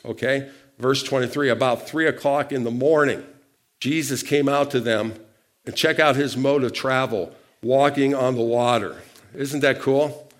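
A man preaching a sermon, asking the congregation questions and calling for responses, with loudness shifting for emphasis. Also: medium pitch, fairly even intonation, unhurried. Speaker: pastor.

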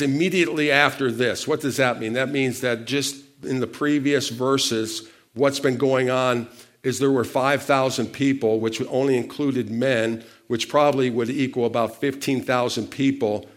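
A male pastor delivering a lively sermon, asking questions of the congregation and prompting them to answer. He grows louder for key points and drops quieter for asides. His voice sits at an ordinary middle pitch for a man. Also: a little slow. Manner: lively preaching with call-and-response questions; animated, shifts loudness for emphasis.

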